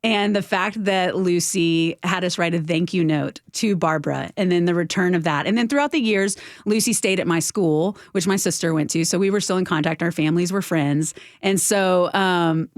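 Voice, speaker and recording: A woman's voice: lowish voice, normal speed, hardly any pauses, dry recording, studio quality. A middle-aged woman from Texas with a Texan accent, a radio guest telling a personal story with emotion. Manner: warm, emotional storytelling with acted quotes. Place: radio studio.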